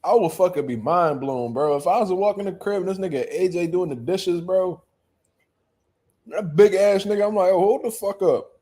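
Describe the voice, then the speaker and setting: A young man hosting a boxing show, chatting in loud, profane, joking banter and often laughing. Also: high-pitched, normal speed. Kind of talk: casual chat reacting to live chat.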